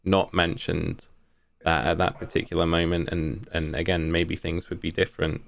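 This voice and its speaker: A man hosts a podcast conversation and reflects aloud, restarting some of his words as he thinks. His voice is very low. The recording is dry and close. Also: flat delivery, normal speed, vocal fry, dry recording. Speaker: podcast host. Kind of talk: casual interview chat.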